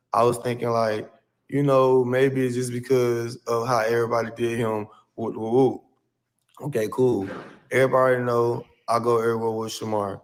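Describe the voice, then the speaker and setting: A man of ordinary pitch rambles through a personal story on a livestream. He talks in loose slang and circles back over the same points. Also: gravelly. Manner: rambling, slangy, repeats himself.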